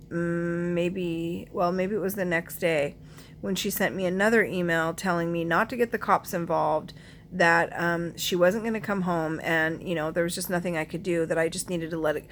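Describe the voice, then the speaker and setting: Earnest, throat-clearing woman in her forties. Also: on the low side, slight background noise. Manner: earnest and emotional, often pausing to search for words. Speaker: mother telling her family's story. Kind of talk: personal storytelling to camera.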